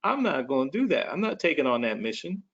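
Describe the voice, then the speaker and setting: A man with a gravelly, fry-edged voice hosts a business webinar in a folksy, fired-up manner. He comes through a dull, lo-fi video call. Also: fairly high pitch, fast talker. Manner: folksy and animated, calls listeners "man" and "baby". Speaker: webinar host. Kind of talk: energetic motivational talk.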